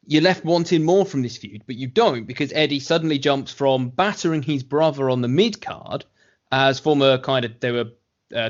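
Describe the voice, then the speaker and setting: Measured man co-hosting a podcast. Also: mid-range voice, muffled recording. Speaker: podcast co-host. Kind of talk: casual podcast review.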